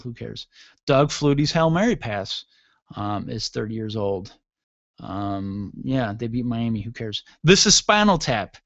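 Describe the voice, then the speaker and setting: A man's voice: mid-range voice, vocal fry, no room sound. Thirty-something guy doing a solo radio rant, snarky and all over the place, dull dry lo-fi sound. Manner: sarcastic, rambling, irreverent jokes. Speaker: radio show host. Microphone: studio mic with mixer.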